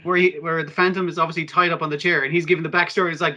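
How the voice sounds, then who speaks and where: A man co-hosting an anime podcast in loose, casual chat. His voice is bright and edged, sitting a little high for a man. He gets excitable, swears freely and acts out scenes as he retells them. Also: racing, hardly any pauses. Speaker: podcast co-host.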